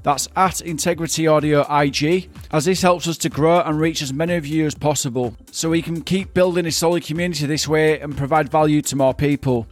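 Male podcast host, friendly casual interviewer, fairly high voice. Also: brisk, hardly any pauses. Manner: relaxed, friendly, stumbles over questions.

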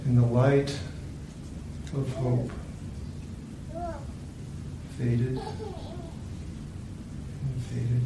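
A man preaching, telling a sermon story in a slow, solemn, hushed way. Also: medium pitch, little pitch movement, gravelly, heavy background noise. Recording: very echoey room, distant mic.

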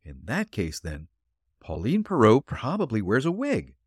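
Give me an eager, quick-to-wonder young male assistant detective, as a man reads him. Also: medium pitch, huge pitch swings, breathy edge, no room sound, studio quality, pitched above the performer's own voice, heavily acted. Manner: questioning, easily surprised.

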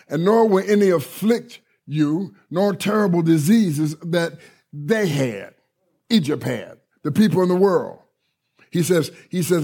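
A man's voice: a little high, a little mellow. A middle-aged man preaching a sermon, emphatic and repetitive, who keeps asking listeners whether they heard him. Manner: emphatic and repetitive, often checking listeners are following.

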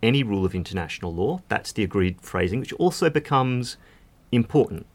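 A man's voice: lowish voice, lively intonation, brisk. A man speaking as a legal expert guest in a podcast conversation, explaining at length with casual fillers.

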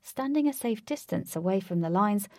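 A woman's voice: medium pitch, lively intonation, normal speed, a little mellow, no echo. Woman narrating a storybook, dry and close.

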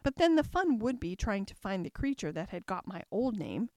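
A woman's voice: mid-range voice, moderate pace, no room sound, clean studio sound, natural voice. Alice, a musing young girl voiced by a woman. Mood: wondering. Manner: musing aloud to herself, lively and wondering. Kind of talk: storybook reading.

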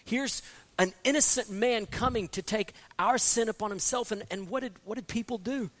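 Pastor, man, expository sermon; earnest delivery with stumbling restarts, builds to forceful emphasis, voice a touch high. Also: normal speed. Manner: earnest, repeats words when restarting, rises to emphatic peaks.

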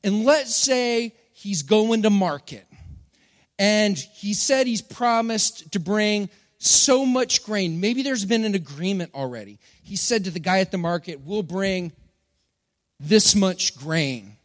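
Long reverb from the church hall surrounds a middle-aged Texan pastor giving a sermon to his congregation in a playful, joking way. His voice sits high, is animated, and moves a little slowly.

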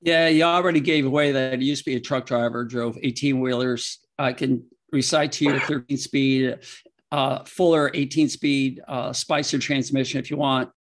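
A man's voice: medium pitch, fairly even intonation, moderate pace. Guy guest in a casual interview, tells long stories, laughs at his own jokes. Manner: laughing, emotional, rambling anecdotes. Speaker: guest, veterinarian and author. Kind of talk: casual interview answers with storytelling.

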